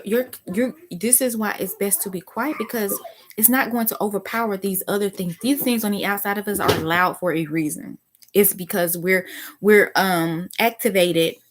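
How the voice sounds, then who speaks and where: A woman gives a reflective spiritual talk in a soft-spoken voice of middling pitch, working her thoughts out aloud with frequent restarts. Now and then she breaks into excited exclamations. A faint noise sits under the recording. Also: moderate pace. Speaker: spiritual teacher.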